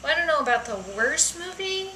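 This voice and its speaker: A young woman vlogger chatting casually through survey questions, self-deprecating, with soft mumbled asides. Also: very high-pitched, expressive, brisk, reverberant, a little hiss or hum, rough recording.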